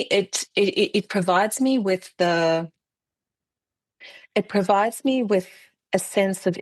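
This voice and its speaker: A woman's voice: lowish voice, no room sound. A middle-aged woman hosting a casual chat, telling stories animatedly and acting out quoted exchanges, with frequent restarts. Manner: animated storyteller, acts out quoted exchanges with bursts of laughter; many restarts and repeated words. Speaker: podcast host.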